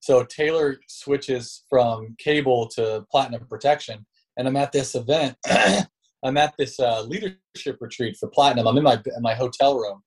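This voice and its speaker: A man's voice: medium pitch, normal speed, breathy edge. A man talks easily through stories as a podcast guest, loose and slangy in his phrasing. His voice sits in an ordinary middle register with a casual, conversational flow. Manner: laid-back, slangy, says bro and dude. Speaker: podcast guest, sales leader. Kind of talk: casual storytelling interview talk.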